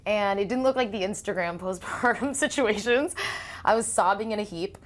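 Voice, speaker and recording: A woman in her thirties, a singer-songwriter telling stories in a casual interview, animated, acting out quotes and laughing often. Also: medium pitch, normal speed.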